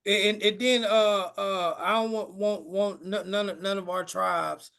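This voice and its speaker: Male podcast co-host, high and bright, halting delivery with frequent fillers. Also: steady tone, creaky. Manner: halting, full of fillers and hedged restarts. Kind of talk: casual chat on a live stream.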